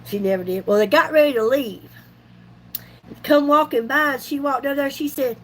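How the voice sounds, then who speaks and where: A woman's voice: high voice, brisk, low-quality recording. A woman, telling a folksy story to her vlog viewers. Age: 50s. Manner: chatty, folksy, animated retelling with laughs. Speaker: YouTube vlogger.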